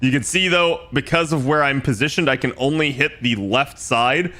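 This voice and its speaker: A man with a bright, clear voice talks through his turns in a strategy game. His commentary is casual and explanatory, with the odd curse word, at an ordinary mid pitch. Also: moderate pace. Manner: relaxed, explains his moves aloud, swears casually. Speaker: streamer playing a strategy game.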